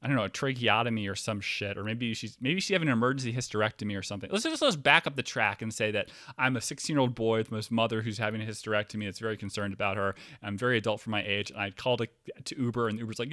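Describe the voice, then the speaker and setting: A man hosting a comedy podcast, telling a meandering, profane story that drops to mumbles and jumps to loud outbursts. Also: on the low side, a little fast, no echo, clean studio sound. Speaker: podcast host.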